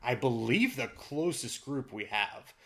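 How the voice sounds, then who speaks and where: A male podcast co-host talks through the week's football results in a loose, rambling way. His voice sits at an ordinary middle pitch, and his chat is dotted with fillers and restarts. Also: very animated, unhurried, a bit bright. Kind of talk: casual sports chat.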